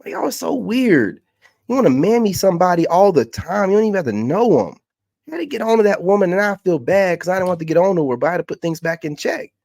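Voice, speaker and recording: A man's voice: high voice, sing-song, fast talker, vocal fry, a little mellow, dry recording. A man, a content creator venting in a heated, mocking rant. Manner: exasperated, ranting, mocking.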